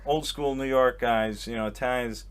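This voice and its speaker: A man's voice: medium pitch, fairly even intonation, normal speed, clear, resonant tone. A man and comedian, a guest telling a rambling, self-mocking story as a casual chat on a boat. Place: on a boat in a harbor.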